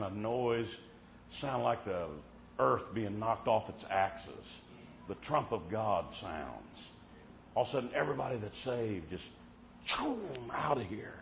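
A man preaching a sermon in a folksy storytelling way, dotting his talk with amen and swinging between loud and hushed. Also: on the low side, gravelly. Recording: muffled lo-fi with faint hiss.

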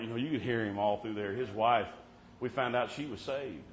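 A man preaching a sermon in a folksy storytelling way, dotting his talk with amen and swinging between loud and hushed. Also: on the low side, fairly quick. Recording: muffled lo-fi with faint hiss.

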